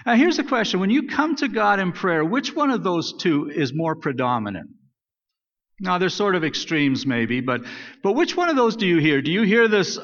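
A man's voice: high voice, animated, normal speed, fairly bright tone. Conversational man preaching in a reverberant hall. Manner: conversational, self-correcting, reads scripture aloud. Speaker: pastor. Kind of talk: sermon. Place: church sanctuary. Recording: dull sound with long church reverb.

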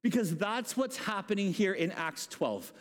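A male pastor preaching a sermon in an animated, humorous, conversational way. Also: sits high, a little slow. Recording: long hall reverb.

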